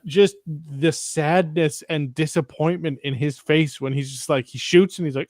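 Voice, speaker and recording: A man co-hosting a casual podcast, recapping a TV episode in an excitable, profane way and acting out the characters' reactions. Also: on the high side, measured pace, few pauses, dry recording, studio quality. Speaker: podcast co-host. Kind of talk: casual chat reviewing a TV episode.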